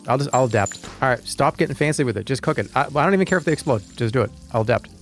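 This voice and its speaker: A man's voice: mid-range voice, animated, racing, faint music behind. Rambling, jokey male streamer. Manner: rambling, jokey, talks to chat. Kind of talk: live gaming commentary.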